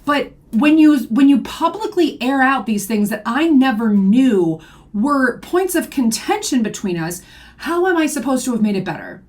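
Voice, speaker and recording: Young woman venting on a reaction vlog, indignant, lots of who-gave-you-that questions. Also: sits high. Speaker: YouTube commentator.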